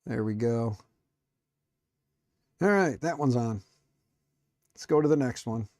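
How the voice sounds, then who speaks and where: Middle-aged male streamer, warm low-key voice, wry self-mocking banter, dry close sound. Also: lively intonation, takes it slowly, no room sound. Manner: joking, self-mocking, rambling; muttering to himself while tinkering. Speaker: streamer building a 3D printer. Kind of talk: casual live-stream chatter while working.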